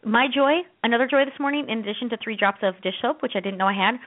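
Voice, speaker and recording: Woman co-host, high and lively, a giggly storyteller; tinny phone-line sound. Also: quick pace. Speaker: co-host of a Christian comedy show. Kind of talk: casual chat.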